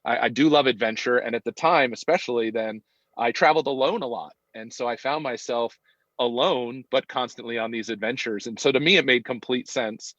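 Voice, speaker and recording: A man's voice: mid-range voice, brisk, a bit bright, no room sound. Man in his fifties, hesitant and reflective. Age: 50s. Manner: hesitant, reflective, lots of ums and restarts. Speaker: podcast guest. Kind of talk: casual conversational interview. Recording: dull, dry sound.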